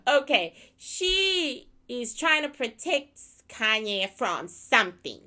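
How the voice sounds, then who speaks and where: Brief: woman, bright and slightly high, blunt and irreverent, casual reading monologue with laughing asides. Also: sing-song, slow pace. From Canada. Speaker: psychic reader.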